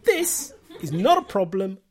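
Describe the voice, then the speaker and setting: Male comic, dry self-deprecating delivery, very animated pitch. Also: measured pace, very noisy. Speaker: comedian. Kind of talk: comedy podcast monologue.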